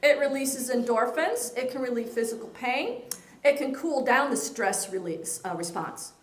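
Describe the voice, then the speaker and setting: A woman's voice: high voice, lively intonation, normal speed, slight background noise. A woman fitness instructor speaking playfully at a seminar, laughing often and leading the room. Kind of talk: lively seminar talk. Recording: roomy hall with audience.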